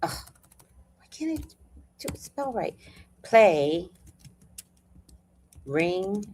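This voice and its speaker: Older female host, casual chat, slow drawl, extremely lively pitch, animated and profane. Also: a little hiss or hum. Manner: animated, laughing, salty-tongued storyteller. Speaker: livestream host.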